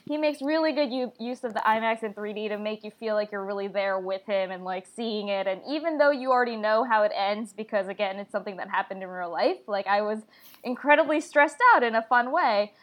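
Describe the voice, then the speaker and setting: A woman's voice: medium pitch, a little fast. A woman co-hosting a movie podcast, giving a chatty review full of "like" fillers. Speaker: podcast co-host. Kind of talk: casual movie review chat.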